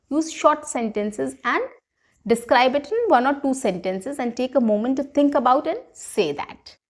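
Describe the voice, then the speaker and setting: Woman, slightly high voice, chatty lesson coach addressing viewers directly. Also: a little mellow. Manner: chatty, repeats "right?" and "guys", coaching tone. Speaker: English teacher. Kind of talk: spoken English lesson to camera.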